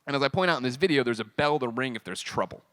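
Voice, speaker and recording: A man speaking at a convention panel, telling a personal story in an animated, profane way and acting out the dialogue. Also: medium pitch, rapid-fire, no echo.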